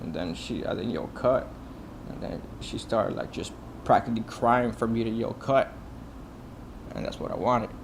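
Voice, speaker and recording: A man's voice: lowish voice, normal speed, vocal fry, background noise. A man, a film director, telling stories from his shoots in a loose, casual way, with lots of "like", "you know" and swearing. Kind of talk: casual podcast storytelling.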